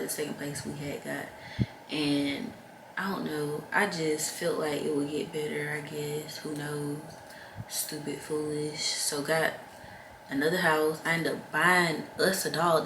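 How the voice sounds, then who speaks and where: A young woman with a low, deep-set voice tells her own story straight to her viewers, frank and heavy-hearted. The sound is roomy and echoing, with a faint hum of ambience underneath. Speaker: vlogger. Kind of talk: candid personal storytelling to camera.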